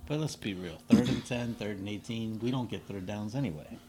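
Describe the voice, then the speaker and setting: A man's voice: lowish voice, a little fast, mellow, slightly rough. A man co-hosting a casual podcast chat, giving emphatic opinions and commenting on a game on the side. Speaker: podcast co-host.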